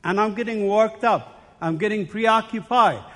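A man with a high voice gives a personal testimony as a sermon, telling his story in short, emphatic, dramatic phrases. His voice rings with the long reverb of a large hall. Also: unhurried, sharp tone. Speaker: speaker giving a personal testimony.

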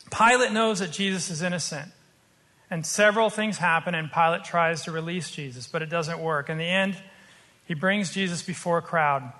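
A man preaching a sermon, earnest and explanatory, slowing down to stress his points. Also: high-pitched, sharp tone, big-room sound. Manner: earnest, explanatory, slows for emphasis.

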